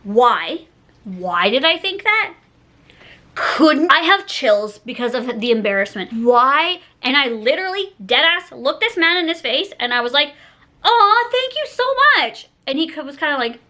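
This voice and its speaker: A woman's voice: sits high, sharp tone. A young woman telling embarrassing stories in a casual vlog, chatty and self-mocking, laughing often.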